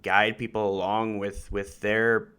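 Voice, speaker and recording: A man's voice: lowish voice, flat delivery, takes it slowly, a bit bright, clean tone. A man hosting a podcast, asking his guest loose, casual questions with plenty of fillers. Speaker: podcast host.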